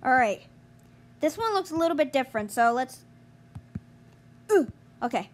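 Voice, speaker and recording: A young woman commentating her gameplay, exasperated and groaning, yelling at other players to get out of her way. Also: high-pitched, big pitch swings, moderate pace. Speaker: gamer streamer.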